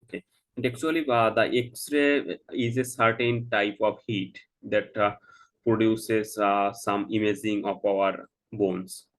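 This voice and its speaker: A man with a fairly low voice plays a doctor in a practice consultation. He reassures the patient in halting sentences full of filler sounds. He keeps checking whether he has been understood. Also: fairly even intonation, a bit bright, poor audio. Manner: halting, heavy "uh" fillers, slow explaining; checks understanding with "Do you get me?". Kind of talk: mock doctor-patient role-play.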